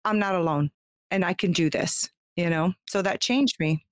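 With a lowish, clean-toned voice at a moderate pace, this U.S. guest recounts her life in a heartfelt, chatty way, often restarting and using fillers. There's no room sound, and the storytelling feels candid and personal.

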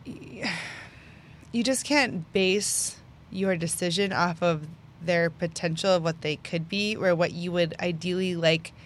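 A woman co-hosting a podcast in casual chat, throwing in quick asides and playful quips. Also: on the low side, slight background noise. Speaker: podcast co-host.

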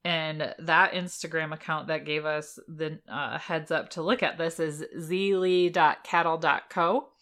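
A woman's voice: low voice, fairly even intonation, unhurried, hardly any pauses, fairly bright tone. A woman co-hosting a casual podcast, giggling often and reading listener messages aloud. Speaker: podcast co-host. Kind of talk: casual chat.

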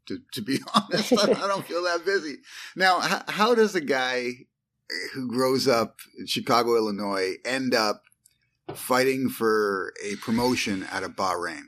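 A man's voice: mid-range voice, expressive, normal speed, pushed and bright. A male podcast host with an ordinary mid-range voice puts questions to his guest. He keeps it casual and encouraging. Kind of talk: casual interview.

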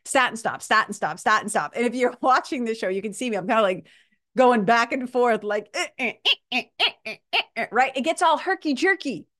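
A woman's voice: a little high, lively intonation, brisk, a bit bright. A woman hosting a self-help show, talking animatedly, laughing often and restarting her sentences. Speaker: podcast host. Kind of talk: self-help talk monologue.

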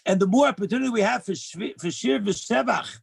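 A man speaks with a high, gravelly voice, earnest and emphatic as he repeats his key phrases. He delivers a heartfelt religious talk, sharing Torah lessons. The sound is dry and close. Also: animated, brisk, dry recording.

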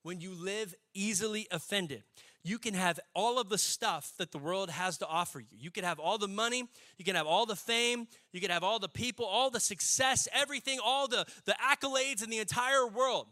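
A young adult man preaching a sermon, folksy and animated, building to emphatic peaks. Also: high-pitched, normal speed. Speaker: pastor.

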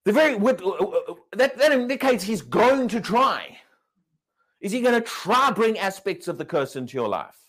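A man's voice: sits high, very animated, moderate pace, fairly bright tone. A man preaching a sermon, emphatic and questioning, repeating and restarting words as he drives his points home.

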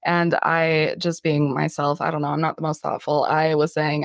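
A woman's voice: low voice, level tone, normal speed, vocal fry, hardly any pauses, no room sound, studio quality. A woman hosting a casual religious podcast, chatty and self-deprecating, often laughing as she talks. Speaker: podcast host.

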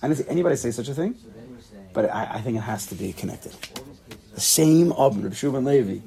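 A man's voice: mid-range voice, lively intonation, fast talker, warm tone. A man leading a casual Talmud study class, thinking aloud and checking in with his students. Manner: thinks aloud, asks the class questions, laughs at himself.

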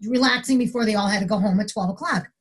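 Husky-voiced woman telling a lively story. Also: fast talker. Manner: animated storyteller, acts out quotes with big pitch jumps. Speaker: retired corrections officer, guest. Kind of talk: casual storytelling in a podcast interview.

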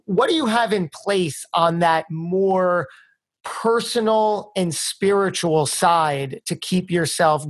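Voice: mid-range voice, no room sound. A podcast host who reflects on their own experience and then asks the guest thoughtful questions. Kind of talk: conversational interview.

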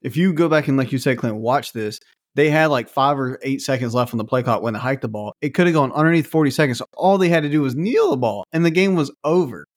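A man's voice: medium pitch, fast, no echo, studio quality. A man co-hosting a casual sports podcast, recounting game details and stats. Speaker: podcast co-host.

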